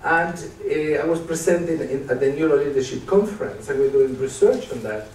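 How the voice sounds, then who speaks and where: A man on stage at a conference, presenting with a slightly high voice and drawing the audience in with questions. He is picked up from a distance, so the room rings around him with a faint noise underneath. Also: a little fast, darkish tone, echoey room. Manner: engaged, quizzes the audience with questions. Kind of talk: live stage talk with demonstration.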